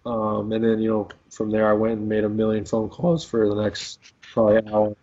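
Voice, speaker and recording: Laid-back young man, low flat voice. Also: moderate pace. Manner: rambling, filler-heavy, laid-back. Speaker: professional baseball player guest. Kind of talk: casual storytelling interview. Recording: dull lo-fi audio.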